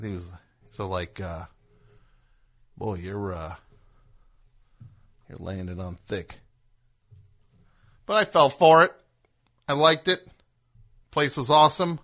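A man with a mid-range, sharp-toned voice hosts a radio show. He rambles and jokes, drifting from topic to topic as he chats and plugs music in between the gags.

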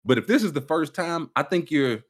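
A man's voice: a little high, expressive, fairly quick. A man hosting a live stream, teasing his co-host in casual banter and often quoting others in exaggerated voices.

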